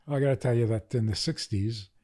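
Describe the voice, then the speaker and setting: Mellow-voiced older man telling wry stories. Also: medium pitch, fast talker. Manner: wry, animated storyteller with deadpan humor. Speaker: rabbi, guest. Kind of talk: interview conversation.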